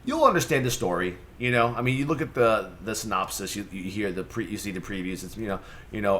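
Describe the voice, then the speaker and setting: Profane rambling male vlogger, lower voice. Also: lively intonation, quick pace, a bit bright, a little hiss or hum. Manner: profane, rambling, with many fillers and restarts. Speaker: streamer and vlog host. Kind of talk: casual vlog rambling.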